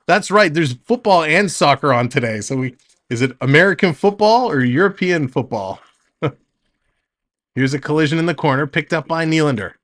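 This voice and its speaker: A man's voice: fairly high pitch, expressive, normal speed, fairly bright tone. A man streaming live hockey play-by-play, calling the action in short bursts and chatting with viewers between plays.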